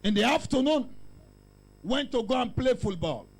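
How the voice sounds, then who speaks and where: A male pastor with a Nigerian accent preaching loudly, mixing in pidgin asides and calling out to the congregation. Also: very high voice, animated, normal speed, husky, poor audio. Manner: shouting, call-and-response preaching with pidgin asides. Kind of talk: preaching sermon.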